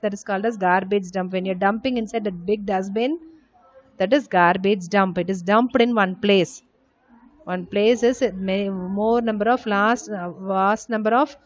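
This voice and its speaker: A woman teacher with an Indian English accent, giving a lesson to small children, spelling out words letter by letter and answering her own questions. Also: mid-range voice. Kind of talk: recorded class lesson for young children. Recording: slightly dull lo-fi audio.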